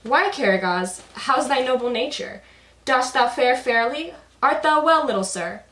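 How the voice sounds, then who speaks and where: Woman doing a puppet-show fop: pompous, flowery, loud and high; roomy echo. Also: animated, unhurried, recorded from a distance, heavily acted. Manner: loud, high, affected formal speech. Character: pompous worldly man, flowery and fussy. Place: basement.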